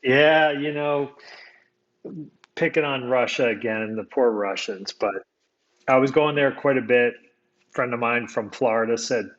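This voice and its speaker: A man from the United States tells a personal story in a relaxed, reflective conversational way. He talks at an ordinary pitch and often circles back and restarts his sentences. The recording sounds somewhat dull and lo-fi. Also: measured pace, pauses often. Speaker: guest storyteller.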